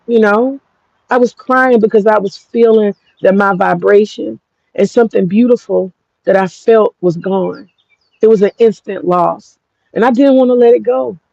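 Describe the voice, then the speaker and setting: Woman, African American English accent, gravelly voice, dull lo-fi sound, frank rambling vlog storytelling. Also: mid-range voice, normal speed, a little mellow, no room sound. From United States. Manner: frank, profane, rambling with restarts. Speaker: vlogger. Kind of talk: candid personal storytelling.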